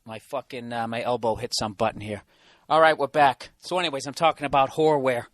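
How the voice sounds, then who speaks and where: A man's voice: mid-range voice, a little fast, a bit bright, no echo, studio quality. A man hosting his own podcast from a hotel room, ranting in a sarcastic, profane, rambling way. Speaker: podcast host. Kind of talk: solo comedic podcast rant.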